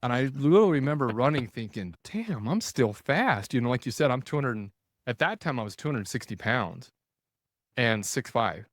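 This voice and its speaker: A man in his forties, a podcast guest, telling a story in a casual, animated way, full of restarts and quoted thoughts. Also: medium pitch, brisk, no echo, clean studio sound. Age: 40s.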